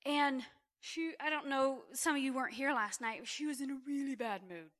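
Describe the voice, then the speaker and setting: A middle-aged woman giving a testimony sermon to a church gathering, animated and exclamatory. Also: high-pitched, normal speed. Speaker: church speaker.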